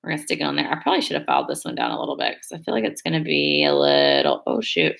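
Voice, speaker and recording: Chatty woman, bright gravelly voice. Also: very deep voice, huge pitch swings, rapid-fire. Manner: rambling, chatty, hedges a lot. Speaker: beauty vlogger on a live stream. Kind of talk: casual chat while doing her nails.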